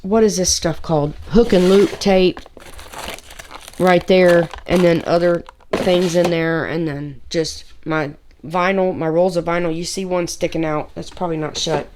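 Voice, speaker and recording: A woman with a low voice chats her way through a tour of her home sewing room. She rambles, stops to find the right word and starts again, and she talks straight to the camera the way she would talk to a friend. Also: fairly even intonation, unhurried, a little mellow, slight background noise. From Tennessee, US. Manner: chatty, rambling, with filler words and restarts. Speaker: sewing vlogger.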